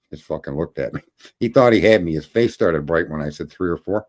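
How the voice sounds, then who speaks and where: A man with a lowish voice spins rambling, profanity-laced stories on a casual podcast. He talks loosely and restarts often, and his pitch shoots up when something outrages him. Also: expressive, normal speed. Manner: profane, rambling, climbs into high indignant pitch. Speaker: podcast host. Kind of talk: casual storytelling chat.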